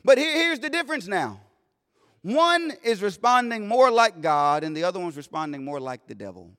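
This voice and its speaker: A man preaching a sermon in a plain-spoken way, swinging between loud declarations and hushed asides. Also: high voice, big pitch swings, moderate pace, clear, resonant tone. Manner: plain-spoken, vernacular phrasing. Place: church sanctuary. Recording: long reverb of a large hall.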